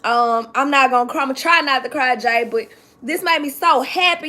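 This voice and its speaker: A woman with a slightly high voice tells a story on a casual live stream, close to tears as she goes. She talks straight to her chat and circles back over the same points again and again. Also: normal speed, pushed and bright. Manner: emotional, talks to the chat directly, repeats herself. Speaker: livestream host telling a story.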